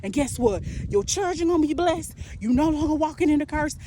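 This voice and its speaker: Woman preacher, high and mellow, rhythmic repetitive prophetic exhortation. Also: lively intonation, brisk, a little hiss or hum. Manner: rhythmic, repetitive preaching, calls listener "baby", laughs between lines. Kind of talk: impassioned prophetic sermon.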